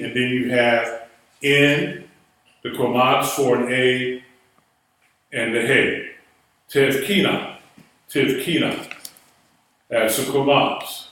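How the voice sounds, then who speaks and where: Heard from a distance in an echoey room, a man with a medium-pitched, fairly bright voice teaches a Hebrew class. He patiently spells out words one letter at a time.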